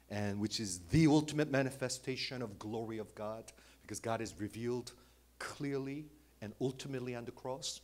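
Male pastor, sermon delivery, hushed to loud swings, mid-pitched voice, slight grammar slips. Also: normal speed. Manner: dynamic, swings between loud emphasis and hushed near-whisper.

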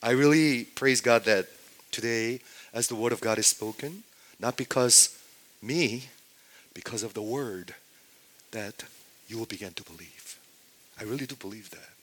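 A man preaching a sermon, often asking his congregation questions and swinging between loud declarations and near-hushed asides. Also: medium pitch, measured pace, long pauses. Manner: asks the congregation rhetorical questions. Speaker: pastor.

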